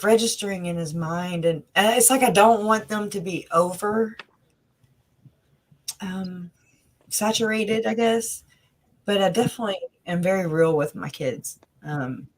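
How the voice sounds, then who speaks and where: A woman with a fairly low voice talks over a video call as an interview guest. She rambles earnestly and emotionally, circling back with fillers and restarts. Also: slight background noise, rough recording. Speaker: interview guest, family member of the victims. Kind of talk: casual conversational interview.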